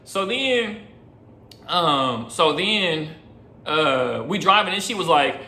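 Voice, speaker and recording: A man's voice: fairly high pitch, expressive, takes it slowly, pushed and bright, echoey room. A young man, a rideshare driver, telling a rambling, slangy story in casual chat, often asking "you know what I'm saying".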